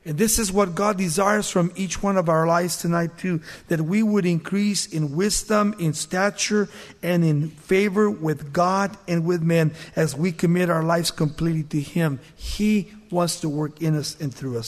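A male pastor preaching a sermon, reading scripture aloud with rising force and dropping to quiet, conversational asides. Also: measured pace. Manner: reads scripture louder and higher, drops soft for asides. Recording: long hall reverb.

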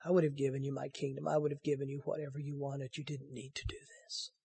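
A man voicing a grieving old king who mourns his son, in a hushed, broken whisper. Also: fairly high pitch, a little slow, husky, voice pushed down.

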